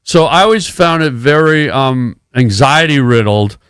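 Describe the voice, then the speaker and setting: A man's voice: a little high, animated, moderate pace, fairly bright tone, clean tone, no echo. Chatty male comedian telling stories. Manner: silly, rambling anecdotes with acted-out voices. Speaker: guest comedian and actor. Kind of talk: casual radio interview storytelling.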